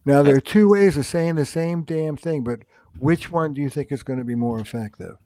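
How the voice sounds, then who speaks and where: Dark-voiced older man, animated. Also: fairly high pitch, normal speed, dry recording. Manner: animated storyteller who acts out quoted dialogue. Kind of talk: conversational podcast interview.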